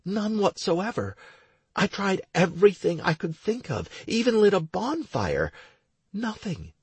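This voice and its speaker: A man reading an audiobook, voicing a tense, frustrated young woman who leads a raid party, in a raised, husky voice. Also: high voice, sing-song, unhurried, darkish tone, no echo, voice pushed up, heavily acted. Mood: troubled.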